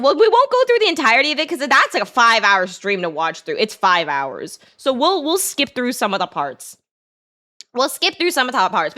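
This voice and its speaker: A woman streamer in excitable, giggly casual chat, often repeating herself. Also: sits high.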